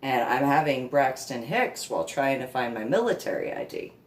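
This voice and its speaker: A woman telling a rambling personal anecdote, laughing often and slipping into a high, babyish voice when she quotes. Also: big pitch swings, normal speed, slight background noise. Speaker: storyteller. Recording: echoey room, far from the mic.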